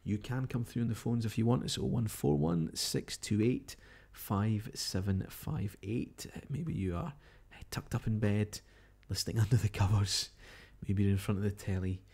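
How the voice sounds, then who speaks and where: A man's voice: lowish voice, moderate pace, few pauses, a little mellow, breathy edge. A Scottish man hosting live overnight results coverage, chatting casually and reading out updates and messages. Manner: chatty, musing, reads out tweets and updates. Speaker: radio-style live broadcast host.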